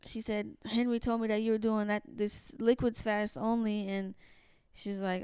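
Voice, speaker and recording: A young woman co-hosting a faith podcast tells stories in casual chat, animated and full of restarts, acting out what people said. Her mid-range voice is clear and resonant at a normal speed, captured in clean studio sound with no room noise.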